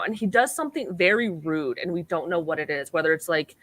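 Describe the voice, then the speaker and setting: Young woman podcast host, talkative and full of "like", lively quoting, dry close sound. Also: lowish voice, brisk, dry recording. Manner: chatty, filler-heavy "like", acts out quoted lines. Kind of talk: casual chat recapping a TV episode.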